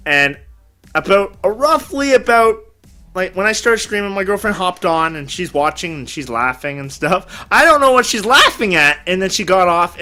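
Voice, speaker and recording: A man's voice: high voice, bright, forceful tone. A man hosting a casual talk show, telling rambling stories with crude jokes. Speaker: podcast host. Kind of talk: casual chat.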